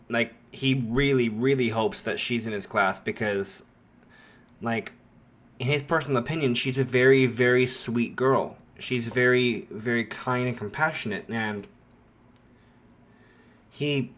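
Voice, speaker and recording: A man's voice: medium pitch, slow, pauses often, a bit bright. A man narrating a fan story in a rambling, casual way, full of filler likes.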